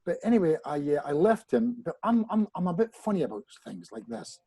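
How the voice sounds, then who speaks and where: With a fairly high, slightly fast voice that has a breathy edge, a man shares a personal story as a hypnotist guest in a podcast chat. He tells it animatedly, frequently restarting phrases and addressing the host directly, and the low-quality recording has no room sound.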